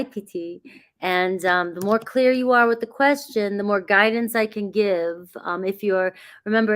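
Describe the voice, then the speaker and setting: A chatty woman talks casually to viewers of a live tarot stream. She greets people by name and laughs easily. Her voice sits at a middle pitch and she gives calm, grounding guidance. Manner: reassuring, grounding spiritual guidance. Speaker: tarot reader. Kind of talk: casual livestream chat.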